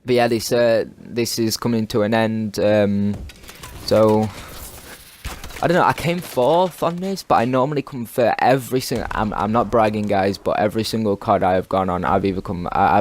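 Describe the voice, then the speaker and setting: Teen lad ranting over cod gameplay, lowish voice, swears loads, keeps restarting. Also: male voice, darkish tone. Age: teens. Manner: rambling, swears constantly, lots of restarts. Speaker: gaming video commentator. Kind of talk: casual rambling storytelling over gameplay.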